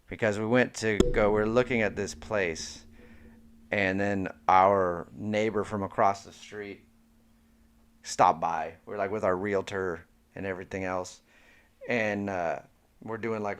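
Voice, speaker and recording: A man's voice: fairly low pitch, clean tone. A man co-hosting a podcast, telling self-mocking stories in casual, profane chat. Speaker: podcast co-host.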